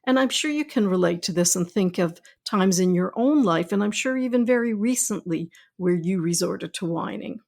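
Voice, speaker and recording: A middle-aged woman pediatrician hosting a podcast, speaking in a calm, reassuring, explanatory way. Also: medium pitch, moderate pace, gravelly, hardly any pauses. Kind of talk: scripted podcast talk.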